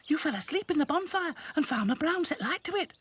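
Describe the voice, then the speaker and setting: Man doing a high, gentle girl rag doll. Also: lively intonation, fairly quick, slight background noise. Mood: caring. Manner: soft, caring, pleading.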